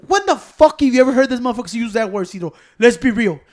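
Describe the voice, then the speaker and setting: Fast-talking high-voiced profane man. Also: animated, over a noisy crowd. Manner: loud, profane storyteller, talks over others. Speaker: podcast co-host. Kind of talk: casual profane banter.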